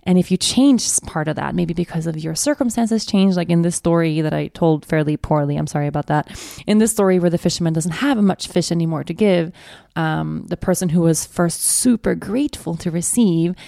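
A woman's voice: on the low side, brisk, creaky, dry recording, clean studio sound. A woman in her thirties hosting a podcast, telling personal stories in a candid, reflective way with frequent laughs. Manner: candid, laughs often, warm storytelling. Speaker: podcast host.

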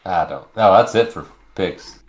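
A man's voice: low-pitched, measured pace, a crowd in the background. A man co-hosting a casual sports chat, mostly chiming in with short agreeing interjections. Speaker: sports podcast co-host.

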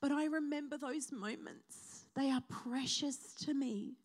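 A woman's voice: high voice, a little slow. A woman preaching a sermon at a church service, speaking heartfelt and building to a rising preaching cadence.

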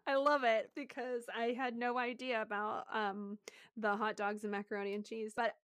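A woman's voice: a little high, little pitch movement, normal speed, fairly bright tone, clear, resonant tone, no echo, studio quality. A woman hosting a podcast in casual chat, talking freely with lots of fillers and frequent laughter. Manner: chatty, laughs often, lots of "like" and "you know". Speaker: podcast host.

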